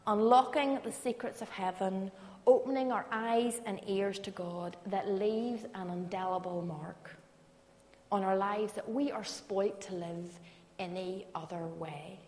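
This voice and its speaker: A woman preaching a sermon, telling a personal story in a conversational way and dropping at times to soft, hushed tones. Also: mid-range voice, fairly even intonation, a little slow. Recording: echoey hall.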